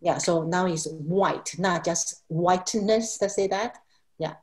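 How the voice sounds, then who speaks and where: Woman, lowish voice, halting with restarts, self-deprecating laughs, video call. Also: a little mellow. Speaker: Chinese language teacher. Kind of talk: explanatory video call chat.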